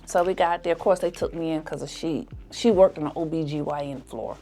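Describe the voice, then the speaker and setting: A woman hosting a podcast tells a personal story in a lively way, acting out the people in it with laughter. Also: low-pitched, fairly quick. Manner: animated, acts out the people in her story with laughs. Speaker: podcast host.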